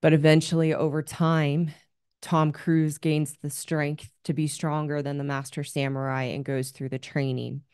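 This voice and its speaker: A woman's voice: sits low, little pitch movement, unhurried, a little mellow, clear, resonant tone, no echo, clean studio sound. A woman hosting an advice show as a relationship coach, talking in an earnest, candid coaching tone. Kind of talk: advice monologue.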